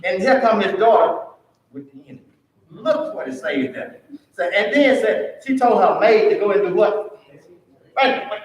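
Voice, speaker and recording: Man, high voice, teaching a church Bible class; echoey room, distant mic. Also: slight background noise. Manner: call-and-response questioning. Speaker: Sunday school teacher.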